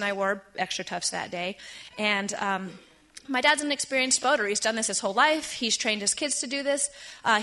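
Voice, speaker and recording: A woman in her thirties telling a personal story to a live audience, chatty and lively with quick asides. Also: on the high side.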